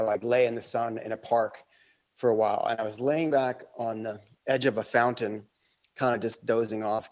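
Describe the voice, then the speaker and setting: A man's voice: medium pitch, darkish tone. Chatty man telling a travel story. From Australia. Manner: rambling anecdotal telling with fillers and acted-out quotes. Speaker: podcast guest. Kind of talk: casual storytelling.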